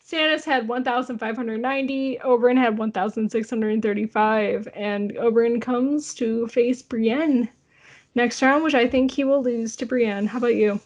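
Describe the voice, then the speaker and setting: High-voiced playful podcast co-host woman. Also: steady tone, normal speed. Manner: playful, giggly, reads listener comments. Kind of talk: casual chat.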